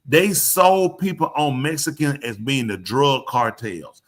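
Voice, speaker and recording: A man hosting a live talk show, telling stories in an animated, emphatic way. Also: medium pitch, measured pace. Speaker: show host.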